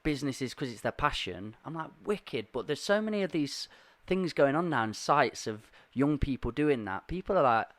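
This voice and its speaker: An enthusiastic man, hosting a podcast in a relaxed conversational way and laughing easily. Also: medium pitch, normal speed, hardly any pauses, no room sound. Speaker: podcast host. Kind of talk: casual chat.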